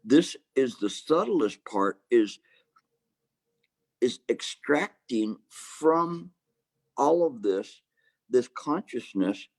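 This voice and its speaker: A man giving a Chan meditation dharma talk, halting with restarts and fillers, with gentle humor. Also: medium pitch, big pitch swings, no echo. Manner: hesitant, many restarts and fillers.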